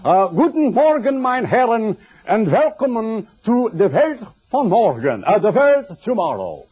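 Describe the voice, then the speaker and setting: A man putting on a hammy German-accented radio announcer, stiff and mock-formal. The voice sits very high above normal speech, and the lo-fi recording is muffled. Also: very animated, unhurried, slightly rough, full character voice. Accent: German put on. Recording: dull lo-fi recording.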